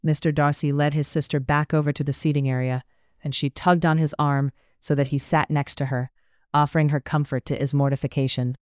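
A narrator reading a period romance story aloud in a steady, measured way. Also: medium pitch, smooth, no room sound, clean studio sound.

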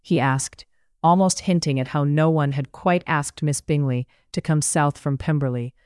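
A narrator telling a period novel in a measured, even manner. The voice is smooth and clear, and the recording is close and dry with no room echo. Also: mid-range voice. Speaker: audiobook narrator.

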